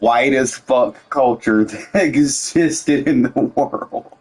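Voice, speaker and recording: A man's voice: medium pitch, slow pace, darkish tone, slightly rough, poor audio. A man streaming a video game and chatting casually, joking and swearing a lot and laughing often. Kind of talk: casual gameplay commentary.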